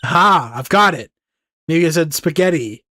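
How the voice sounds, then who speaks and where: A man's voice: a little high, normal speed, no echo, faint music behind. A man voicing a cheerful, bubbly teenage girl sidekick in a game playthrough, raising his voice and keeping it bouncy. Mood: excited. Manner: bouncy and excitable.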